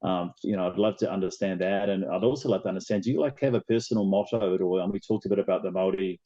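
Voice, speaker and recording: Kiwi guy w a bit of yank accent, chatty host, low mellow voice, muffled lo-fi sound. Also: fast. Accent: New Zealand, a little American. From New Zealand. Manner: chatty, enthusiastic, long winding questions. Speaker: interview host. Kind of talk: casual interview chat.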